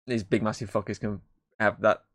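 A man's voice: fairly low pitch, flat delivery, moderate pace, a bit bright. Rambling young man reviewing a film. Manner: rambling, lots of fillers and swearing. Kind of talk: casual podcast chat.

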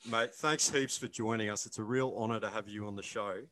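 A man's voice: lowish voice, fairly even intonation, fairly quick, bright, forceful tone, no echo. A man from Queensland with an Australian accent co-hosting a sports podcast with friendly, upbeat banter. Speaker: podcast co-host.

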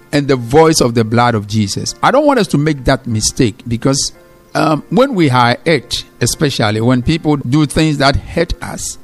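Pastor preaching, repeating his key phrases. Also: a little high. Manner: slows down to read scripture. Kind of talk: sermon.

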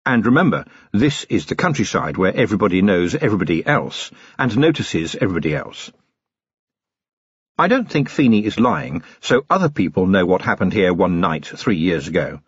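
A man's voice: low-pitched, very animated, normal speed, slightly rough, no echo, full character voice. A man voicing a weary male police commander who speaks in a dull, grim, thoughtful way, on a dull lo-fi audiobook recording.

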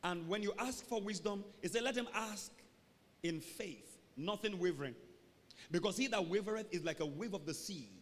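A man preaching a sermon as pastor, animated, swinging from booming shouts to low mocking asides. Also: moderate pace. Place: church hall. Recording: reverberant church hall.

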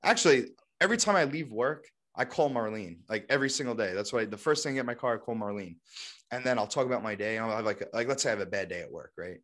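A man's voice: fairly low pitch, expressive, fast talker, a bit bright. A young man co-hosting a podcast in casual chat, rambling and full of fillers like "like" and "you know". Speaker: podcast co-host.

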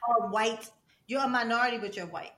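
A young woman, co-hosting a podcast and telling stories in lively casual chat, acting out the people she quotes. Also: a little high, a little fast, roomy sound. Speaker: podcast co-host.

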